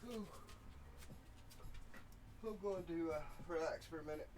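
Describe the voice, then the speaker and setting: A woman's voice: low-pitched, a little slow. A woman bantering offhandedly with the host from elsewhere in the home, joking as she talks. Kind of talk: casual banter from across the room. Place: home, away from the mic. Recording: distant voice with loud room noise.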